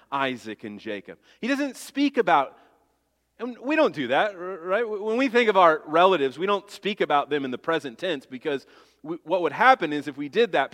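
Pastor guy giving a sermon, slightly high voice, earnest and emphatic, big echoey church sound. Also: a bit bright. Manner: earnest, emphatic preaching with rhetorical questions.

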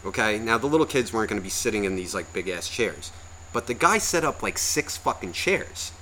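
A man's voice: on the low side, very animated, a little fast, bright, forceful tone, slight background noise. A man co-hosting a podcast, telling a long story in a profane, exasperated, ranting way. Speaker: podcast co-host.

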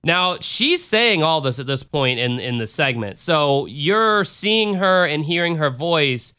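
A man's voice: a little high, animated, measured pace, pushed and bright, clean tone. An American man hosting a casual true-crime podcast, retelling a case with chatty asides. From United States. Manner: chatty, retells cases with asides and bad impressions. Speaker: podcast host.

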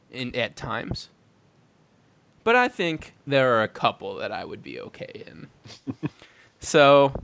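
A man's voice: a little high, a bit bright. A young man co-hosting a podcast in casual chat, jokey and laughing often. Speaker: podcast co-host.

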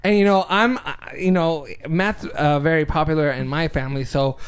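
A man co-hosting a podcast, telling a personal story with lively acted-out dialogue and frequent laughter. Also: a little high, moderate pace, clear, resonant tone. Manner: animated storyteller, acts out dialogue, laughs often. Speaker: podcast co-host. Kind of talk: casual chat.

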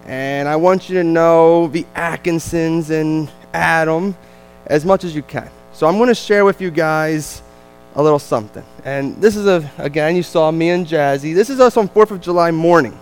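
A man with a New Jersey accent, a visiting missionary telling a lively, self-deprecating family story to a church congregation. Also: on the high side, moderate pace, faint music behind, poor audio.

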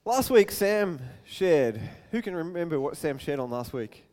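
His pitch leans high as this male pastor chats his way through a sermon, full of animation, brief asides, and mild self-deprecating humor.

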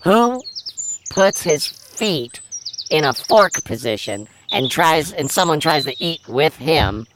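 A man's voice: fairly high pitch, sing-song, slow, background noise. A man playing a nervous, stammering young village boy in an improvised comedy scene. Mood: hesitant. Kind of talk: improvised comedy role-play.

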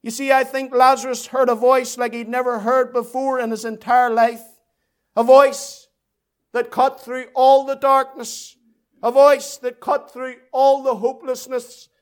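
A man's voice: very high voice, flat delivery, a little slow. A man with a Northern Irish accent preaching an evangelistic sermon, building fervent, rhythmic repetitions as he appeals to listeners.

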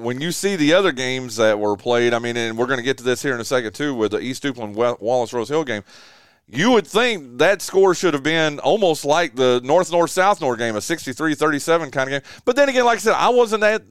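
A man's voice: a little high, smooth, no echo, clean studio sound. A man hosting a local sports radio show, chatting casually about game scores with lots of fillers and restarts.

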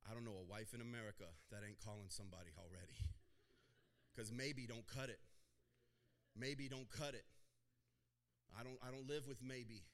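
A man preaching a sermon as pastor, joking with the congregation and acting out little scenes in a lively way. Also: medium pitch, moderate pace, long pauses.

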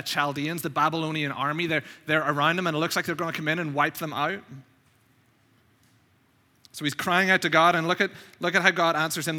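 A man with a very bright, fairly high voice gives a sermon as a visiting preacher. He talks in a chatty, storytelling way and often repeats his words as he goes. His voice rings out with a long reverb through the church sanctuary. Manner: conversational, anecdotal, repeats words. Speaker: guest preacher.

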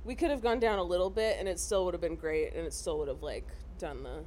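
A woman's voice: fairly low pitch, quick pace, darkish tone, a little hiss or hum. A woman co-hosting a casual film recap, swearing freely and acting out quotes as she talks.

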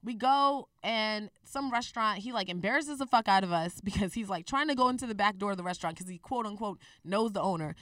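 A young woman in her twenties telling a personal story in a candid, profane, animated way on a casual talk show. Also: medium pitch, fast, hardly any pauses, dry recording, studio quality, distant mic.

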